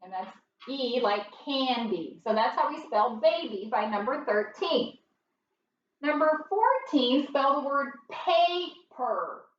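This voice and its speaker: A woman teaching a phonics lesson, sounding out words slowly and patiently for young learners. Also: sits high, lively intonation, echoey room, distant mic, lo-fi sound, slight background noise.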